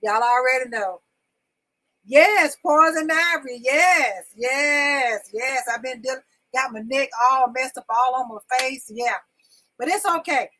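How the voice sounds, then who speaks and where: A woman's voice: sits high, slow pace, pushed and bright, slight background noise, rough recording. A woman hosting a casual livestream from home, chatty and repetitive as she calls her viewers in, itchy from poison ivy. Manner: chatty, repetitive call-outs to the audience. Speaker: livestream talk show host. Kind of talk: casual live-stream chat with viewers. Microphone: desk microphone.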